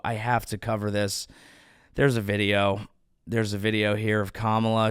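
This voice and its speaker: A man's voice: mid-range voice, sharp tone, clear, resonant tone, no echo, clean studio sound. A male comedian hosting his show, riffing in a rambling, crude, self-interrupting way. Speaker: comedian host. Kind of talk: comedic commentary.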